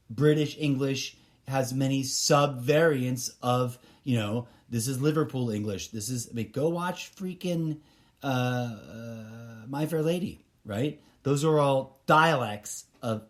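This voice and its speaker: A man's voice: medium pitch, slow. A man hosting a solo podcast, talking casually in a rambling, opinionated way with many fillers and restarts. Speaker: podcast host.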